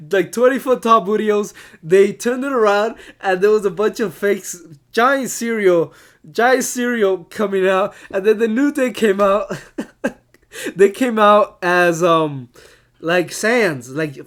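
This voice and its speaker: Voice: medium pitch, a bit bright. A casual reviewer ranting in an exasperated way, laughing often and swearing freely. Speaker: wrestling show reviewer.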